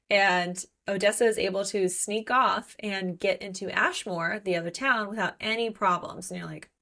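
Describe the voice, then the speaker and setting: A woman co-hosting a casual book podcast, retelling the plot and acting out the characters' lines in quick, animated bursts. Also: medium pitch. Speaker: podcast co-host.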